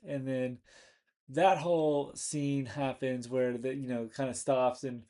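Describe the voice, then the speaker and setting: Guy rambling thru a movie recap, slow and halting, lots of um and you know. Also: medium pitch, fairly even intonation, dark tone. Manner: rambling, many restarts and fillers. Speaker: movie review host.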